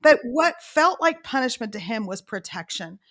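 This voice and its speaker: A middle-aged woman, an author guest telling animated stories and acting out quotes. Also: on the high side, normal speed. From Texas. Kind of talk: storytelling interview.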